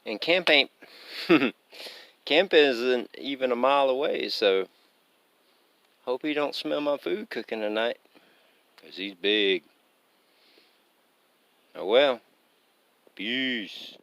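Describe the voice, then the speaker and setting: A man's voice: medium pitch, lively intonation, slow pace, gravelly, pauses often, fairly bright tone, no room sound. A man hiking a long trail and talking to his handheld camera in an easygoing, rambling, self-mocking way, sometimes short of breath from climbing. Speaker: thru-hiker vlogger. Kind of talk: casual trail vlog. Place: outdoors on a forest trail.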